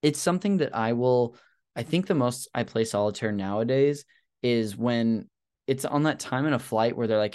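A man's voice: mid-range voice, moderate pace, darkish tone, clear, resonant tone. A man hosting a casual podcast, sharing facts in a rambling, hesitant way with many fillers and self-deprecating asides. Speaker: podcast host.

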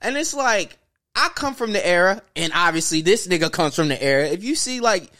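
A man from the Baltimore area in casual chat with friends, slangy and quick to laugh at himself. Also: sits high, expressive, pushed and bright.

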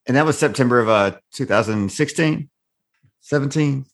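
A man's voice: medium pitch, normal speed. A man hosting a podcast who laughs easily and asks short, casual questions of his guest. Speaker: podcast host. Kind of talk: casual interview chat.

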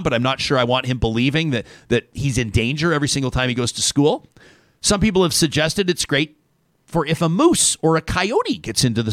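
A man's voice: mid-range voice, dry recording, studio quality. A man, hosting a casual talk show and joking his way through a list of names and stories. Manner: animated, joking, reading lists aloud.

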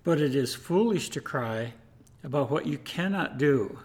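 A man's voice: a little high, animated, unhurried. A man voicing a kind, wise old dog comforting a puppy in a sermon story. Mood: gentle. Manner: gentle, counseling.

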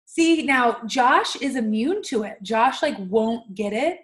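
A woman's voice: a little high, animated, takes it slowly. A young woman from California co-hosting a podcast, chatting casually, laughing often and swearing freely. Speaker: podcast co-host. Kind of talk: casual chat.

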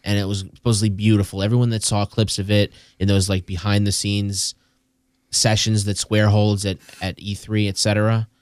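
A man hosting a casual gaming podcast, telling stories in a rambling, animated way with many restarts. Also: lowish voice, moderate pace, smooth, no echo, clean studio sound. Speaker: podcast host.

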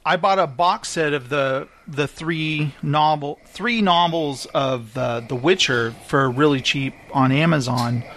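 A man's voice: on the high side, measured pace, few pauses. A man hosting a podcast, chatting casually and acting out movie lines with lots of laughter. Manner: animated storyteller who acts out movie lines and laughs often. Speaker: podcast host. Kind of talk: casual chat.

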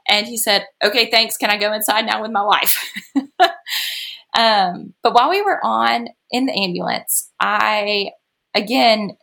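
A woman's voice: mid-range voice, unhurried, creaky, sharp tone. A woman, a podcast guest talking through a personal story in a chatty way and laughing often. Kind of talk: casual storytelling.

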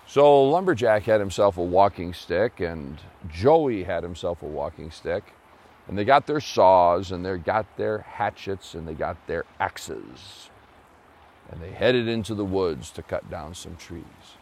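Folksy male storyteller, lower voice, explains as he goes. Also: lively intonation, unhurried, darkish tone. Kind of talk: told children's story.

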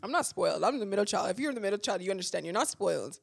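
A woman's voice: mid-range voice, animated, rapid-fire, vocal fry, slightly rough. A young woman co-hosting a podcast, chatting casually in a teasing, playful way. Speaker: podcast co-host. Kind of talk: casual chat.

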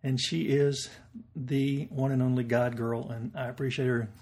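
A man hosting a podcast, introducing his guest and asking questions in a measured way. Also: mid-range voice, flat delivery, a little mellow, breathy edge. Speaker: podcast host.

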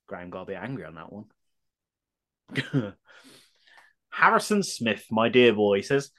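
A male podcast co-host reads listener comments in relaxed, chatty banter. His pitch rises and falls in a lively, animated way, and he keeps breaking into laughs and sarcastic remarks. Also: moderate pace, pauses often. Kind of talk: casual chat.

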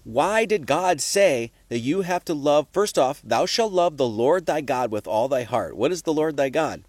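A man's voice: a little high, lively intonation, normal speed, darkish tone, no room sound, clean studio sound. A man giving a casual, conversational sermon, full of rhetorical questions and profane asides. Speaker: preacher.

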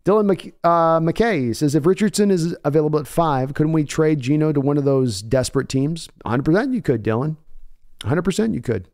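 A man's voice: fairly high pitch, expressive, fairly quick, a little mellow. A man hosting a live sports stream, chatting casually and answering viewers by name. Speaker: sports podcast host reading chat.

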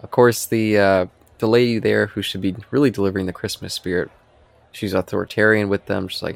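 A man with a low, rough, gravelly voice talks casually on a podcast. He retells scenes from a show, slipping into quoted lines and laughing often. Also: little pitch movement, fairly quick, no room sound. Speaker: podcast co-host. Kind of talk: casual chat reviewing a TV episode.

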